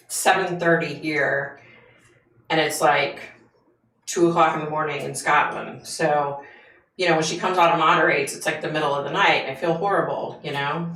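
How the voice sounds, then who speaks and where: A woman from the United States hosts a relaxed livestream, chatting with viewers and greeting them by name. Her voice sits a little low, and she talks with plenty of fillers. The room around her gives the sound a noticeable echo. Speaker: livestream host. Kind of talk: casual livestream chat with viewers.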